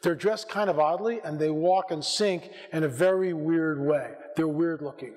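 Hoarse American man speaking in a church hall. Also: a little high, normal speed. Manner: animated, acts out dialogue, frequent restarts. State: hoarse, clearing his throat. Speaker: conference speaker. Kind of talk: storytelling talk to a church audience. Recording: long hall reverb.

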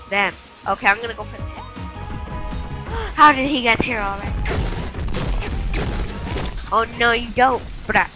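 A young woman giving excited gameplay commentary, yelping and shouting at the game as she plays. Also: on the high side, takes it slowly, pauses often. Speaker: gamer. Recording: faint game music behind.

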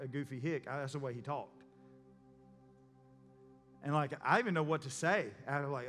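A man's voice: mid-range voice, fairly quick, long pauses, a bit bright. A man preaching a sermon as a pastor, talking in a conversational, storytelling way and acting out the people in his stories. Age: adult, a parent. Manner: conversational storytelling, acts out voices. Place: church sanctuary. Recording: long church reverb, faint music.

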